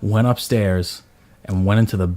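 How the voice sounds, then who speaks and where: A man's voice: fairly low pitch, normal speed. A man in his thirties, a podcast host, telling a story in casual chat and acting out his own voice in quotes. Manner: animated, acts out his own yelling in quotes.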